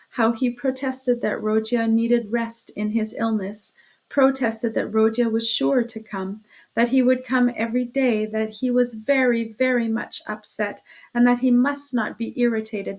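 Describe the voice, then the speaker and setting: A woman narrating a classic novel as an audiobook reader, expressive, giving the quoted lines their own voices. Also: on the high side. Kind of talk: scripted narration.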